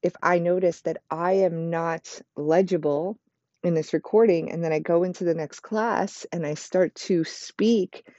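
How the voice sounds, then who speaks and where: A yoga teacher speaks in a soft, mellow tone, building encouragement through repeated parallel phrases. The recording is dry and a little dull, with a lo-fi edge. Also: mid-range voice, no echo. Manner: flowing, repetitive, encouraging phrasing; admits to speaking fast. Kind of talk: motivational self-help talk.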